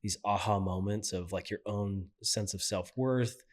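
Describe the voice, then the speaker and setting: Rambling man host, low voice. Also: a little slow. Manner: rambling questions full of fillers. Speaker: podcast host. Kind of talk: interview conversation.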